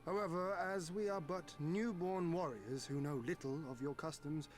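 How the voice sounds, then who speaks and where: A man's voice: fairly high pitch, moderate pace, natural voice. A man voicing a courtly young warrior prince. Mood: wry. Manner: formal, gracious, dryly ironic. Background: game music.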